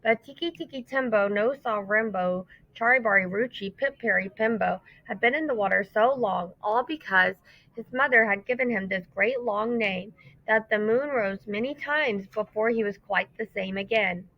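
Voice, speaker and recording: A woman teacher who reads a story aloud to children and then explains it, in an expressive, emphatic way. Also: mid-range voice, moderate pace, no room sound. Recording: dull lo-fi dry recording.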